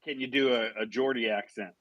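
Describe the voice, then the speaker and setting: An easygoing male host of medium pitch asks his guest questions and laughs along with him. His voice is dry and close, with no room sound, over a video call. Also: steady tone, fairly quick, no echo, muffled recording. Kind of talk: casual interview chat.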